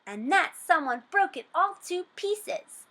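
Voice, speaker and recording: A woman voicing a tiny young bear cub in a storybook, squeaky and upset. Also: expressive, takes it slowly, sharp tone, heavily acted.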